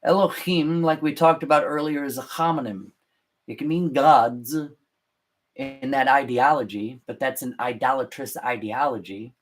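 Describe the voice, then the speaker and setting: A man hosting a podcast, explaining scripture in unscripted talk, halting and deliberate with frequent restarts. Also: mid-range voice, steady tone. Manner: halting, many restarts and fillers, slow and deliberate. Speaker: podcast host.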